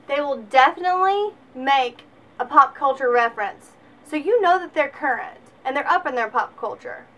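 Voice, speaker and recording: Vlogger: Southern US woman, twenties, high-pitched, sarcastic and animated, light music underneath. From Alabama, US. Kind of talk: comedic vlog monologue.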